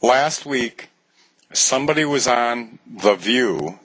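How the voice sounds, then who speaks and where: Husky older man chatting on a web show. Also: mid-range voice, expressive, slow pace, a bit bright, low-quality recording. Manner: jokey, self-mocking storyteller. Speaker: co-host of an online talk show. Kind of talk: casual chat. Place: small home studio.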